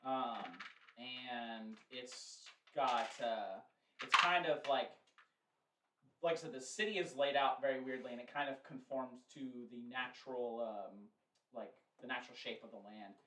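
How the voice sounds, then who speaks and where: A man's voice: mid-range voice, fairly even intonation, a little slow, far from the mic, very noisy. A man narrating as game master in a rambling way, with many fillers and restarts. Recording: roomy, off-mic.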